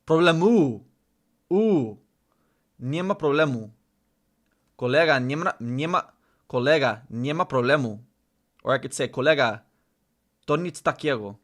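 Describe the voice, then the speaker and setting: A man whose first language is Spanish, chatting casually on a live stream and slowly repeating foreign phrases to practice them. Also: medium pitch, fairly bright tone.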